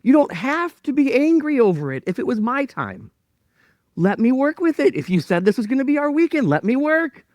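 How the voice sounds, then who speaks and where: Man doing a calm patient God voice, lifted pitch, lively rise and fall, reassuring tone. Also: normal speed, no room sound, muffled recording. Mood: gentle reassurance. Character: gentle patient voice of God, male. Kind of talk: sermon storytelling.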